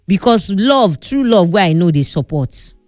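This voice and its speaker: A woman's voice: medium pitch, sing-song, measured pace, a little mellow, dry recording. Nigerian Pidgin woman, blunt advice vlogger, dry close voice, faint music under her. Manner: scolding, emphatic, repeats for stress. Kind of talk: casual advice talk.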